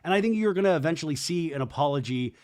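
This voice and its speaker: A man hosting a podcast, recapping a reality show in casual, animated commentary and acting out quotes in quick mock voices. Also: on the high side. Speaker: podcast host.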